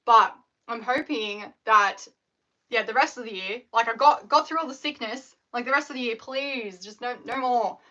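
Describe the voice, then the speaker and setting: A woman's voice: a little high, normal speed, sharp tone. A young Australian woman chatting casually on a live stream, rambling with lots of fillers. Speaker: scrunchie maker live-streaming. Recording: dull lo-fi livestream audio.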